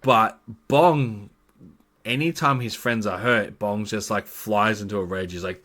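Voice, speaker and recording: A man's voice: fairly low pitch, a little slow, a bit bright. A man acting as game master, casually recapping a tabletop campaign in a rambling way with many fillers.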